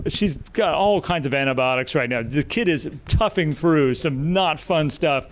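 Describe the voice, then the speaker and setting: A man's voice: a little high, normal speed, few pauses, slight background noise. A man co-hosting a live podcast, speaking reflectively as a parent. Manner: reflective, talks about being a parent. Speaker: podcast co-host.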